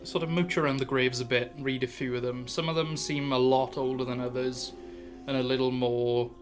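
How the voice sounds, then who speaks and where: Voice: medium pitch, level tone, moderate pace, faint music behind. A dungeon master narrating a tabletop game in a loose, chatty way full of fillers.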